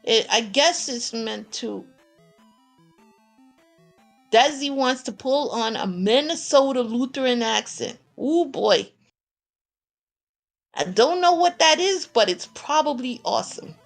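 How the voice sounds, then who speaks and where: Woman, New York accent, excitable game commentator, laughs a lot, slightly high voice. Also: takes it slowly, gravelly, pauses often, faint music behind. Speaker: tournament commentator.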